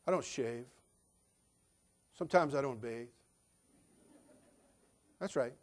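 A male pastor preaching a sermon with humor, swinging between loud emphatic bursts and quiet, dry asides. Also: mid-range voice, takes it slowly.

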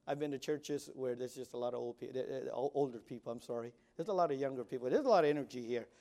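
A man in his forties preaching as a youth pastor, swinging between loud exhortation and quiet asides, often stammering and repeating words. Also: medium pitch, quick pace. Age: 40s. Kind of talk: sermon.

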